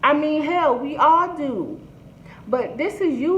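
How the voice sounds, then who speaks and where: A woman's voice: high voice, animated, takes it slowly, a little hiss or hum. A woman vlogger giving blunt, outspoken commentary, swearing freely. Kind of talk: casual commentary. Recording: echoey room, dull lo-fi sound.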